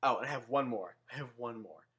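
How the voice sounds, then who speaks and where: Young male vlogger, very bright edge to the voice, mid pitch, sarcastic comic rant. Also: brisk. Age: young adult. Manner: sarcastic, animated, swears. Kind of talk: comedic rant to camera.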